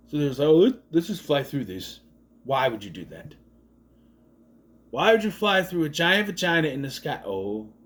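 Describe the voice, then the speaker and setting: A man giving a casual, rambling movie review, sarcastic and swearing often. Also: mid-range voice.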